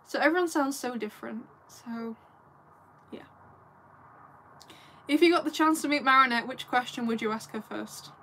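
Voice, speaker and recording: A woman's voice: high voice, normal speed, pauses often, a bit bright, a little hiss or hum. A young English woman from the north of England, chatting casually on a livestream, giggly and rambling as she answers viewers at home.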